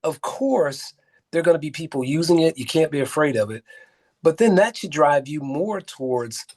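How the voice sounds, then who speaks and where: A man's voice: on the high side, normal speed, a little mellow. A man, a film producer and actor, speaking as a guest in a casual interview, telling earnest, rambling stories full of fillers.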